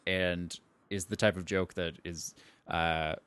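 A man's voice: low-pitched, fairly even intonation, takes it slowly, a bit bright, clear, resonant tone, no echo. A man co-hosting a casual podcast, discussing movies hesitantly with many ums and restarts. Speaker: podcast co-host.

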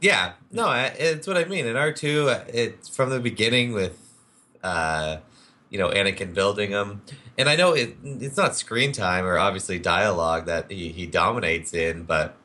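A man's voice: lowish voice, expressive, normal speed, pushed and bright. A man co-hosting a casual podcast, talking about movies with enthusiasm and lots of fillers. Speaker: podcast co-host. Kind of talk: casual film discussion.

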